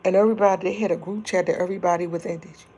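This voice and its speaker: A woman's voice: on the low side, steady tone, rapid-fire. A middle-aged woman, chatting casually and rambling with livestream viewers and laughing often. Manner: speaking softly at times to keep quiet. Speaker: livestream host.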